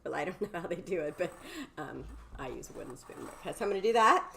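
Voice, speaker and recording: A woman's voice: lowish voice, big pitch swings, fast, creaky, bright, forceful tone, a little hiss or hum. A bubbly, chatty woman hosts a live cooking stream from her home kitchen and talks to her viewers. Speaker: cooking livestream host.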